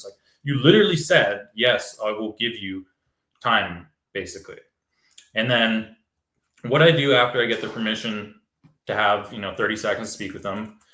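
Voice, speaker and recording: A man's voice: medium pitch, fairly bright tone, reverberant. A man, a real estate wholesaler, explaining step by step in casual chat and acting out sample phone calls.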